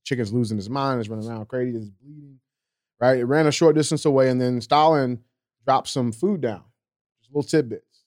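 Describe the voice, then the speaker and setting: A man's voice: mid-range voice, brisk, darkish tone, dry recording, clean studio sound. A man co-hosting a podcast who speaks bluntly and profanely, telling stories in a casual way. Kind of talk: casual chat.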